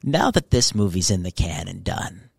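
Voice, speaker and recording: Low-voiced man asking rambling questions. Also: big pitch swings, moderate pace, creaky, husky, no room sound, clean studio sound. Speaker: podcast host. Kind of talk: casual interview chat.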